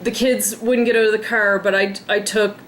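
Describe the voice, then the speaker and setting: A woman in her thirties talking in a casual personal vlog, emotional and drained, rambling with sighs and halting starts. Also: medium pitch, flat delivery, a bit bright, slight background noise. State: tearful, drained. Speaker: pet vlogger.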